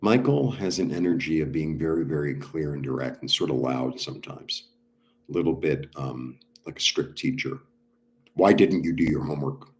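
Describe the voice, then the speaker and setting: Low-voiced man rambling about healing. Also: normal speed. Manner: rambling, with many fillers and bursts of laughter. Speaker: spiritual healer. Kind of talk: casual spiritual teaching.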